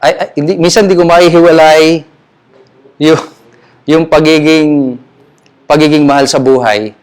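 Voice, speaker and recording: A man's voice: fairly high pitch, fairly even intonation, moderate pace, clear, resonant tone. A middle-aged man with a Filipino accent preaching a sermon at a memorial, emphatic and grieving, switching between English and Tagalog. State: grieving, emotional. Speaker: pastor.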